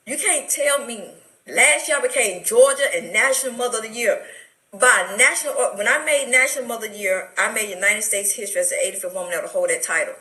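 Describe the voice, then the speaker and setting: Her voice runs on the high side, bright and forceful, and she talks fast, though the audio is poor and sounds roomy. She's a middle-aged woman from Atlanta in the Southern US, testifying about her life on a radio talk show with emotional, preacherly passion.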